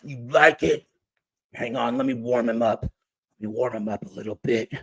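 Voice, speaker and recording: A man putting on the voice of a lecherous older male mogul in a low, drawn-out, leering mutter. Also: slightly rough, dry recording.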